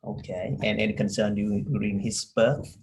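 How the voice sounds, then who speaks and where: A man taking a practice medical exam as the doctor, asking a parent polite questions with frequent pauses and fillers. His voice sits on the low side. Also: level tone, a little mellow, poor audio. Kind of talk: medical exam role-play.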